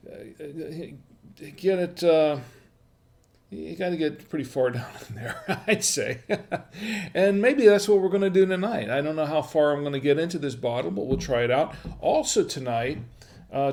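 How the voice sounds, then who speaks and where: Hosting a casual wine-review livestream from home, a man rambles with lots of fillers and restarts, staying friendly and chatty with his viewers. His voice is medium in pitch, with vocal fry and a darkish tone.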